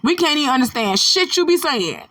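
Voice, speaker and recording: A woman's voice: high-pitched, sing-song, a little fast, a bit bright, dry recording. A middle-aged woman from Florida with a North Florida Southern accent, giving blunt, profane commentary. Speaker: commentary host. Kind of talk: casual commentary.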